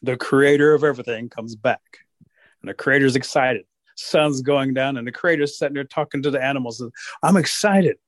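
A man storyteller telling a folktale in a rhythmic, repetitive, animated way. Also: mid-range voice, fairly quick, no echo.

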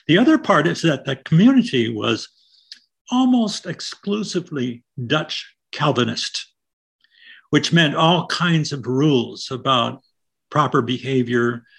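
An older American man from Iowa speaks as an interview guest, recalling his past in a reflective way. His voice has a husky, slightly rough grain. His pitch sits in an ordinary middle range for a man. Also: fairly bright tone. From Iowa, United States. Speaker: guest, poet and writer. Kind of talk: reflective conversational storytelling.

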